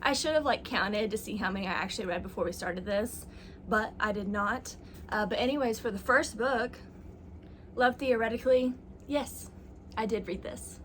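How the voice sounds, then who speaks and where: A young booktuber chats casually on camera about her reading, joking at her own expense and filling her speech with lots of likes and ums. Her voice is fairly high and her pace moderate, with a slight hum of background noise.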